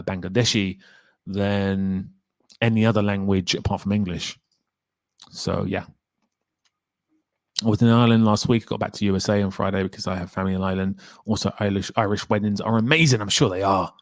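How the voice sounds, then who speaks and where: A man with a fairly low voice chats casually on a livestream, answering questions from his audience. He rambles a little and laughs easily. The sound is close and dry. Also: dry recording. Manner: relaxed, rambling, laughs often. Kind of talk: casual chat.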